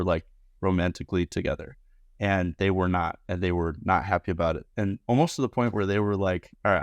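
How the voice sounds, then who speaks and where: Low-voiced young man telling bar stories. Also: no room sound, clean studio sound. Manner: animated, acts out quotes in higher voices. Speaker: podcast guest, bartender. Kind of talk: casual storytelling.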